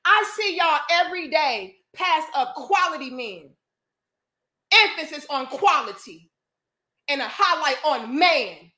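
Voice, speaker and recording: A woman's voice: high-pitched, pushed and bright, reverberant. A woman vlogger giving a preachy, profane opinion monologue to a live audience, full of pointed rhetorical questions.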